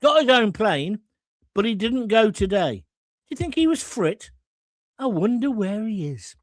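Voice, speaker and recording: A blunt man hosts a live stream, reading viewer comments aloud and firing back jokes and jabs. His voice sits high and swings widely in pitch. The sound is close and dry. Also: no room sound. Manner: blunt, combative and jokey. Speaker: host.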